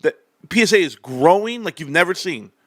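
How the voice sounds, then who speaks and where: A young man hosting a livestream, talking straight to his viewers in an animated, sarcastic rant. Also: high voice, brisk, dry recording, clean studio sound. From California, United States. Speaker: livestream host. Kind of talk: casual stock-talk livestream rant.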